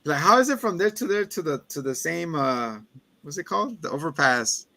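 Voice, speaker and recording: A man's voice: on the high side, a little fast, creaky, no echo. A man co-hosting a casual movie review chat, retelling scenes with lots of acted-out voices. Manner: animated, acts out scenes in put-on voices. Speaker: podcast co-host.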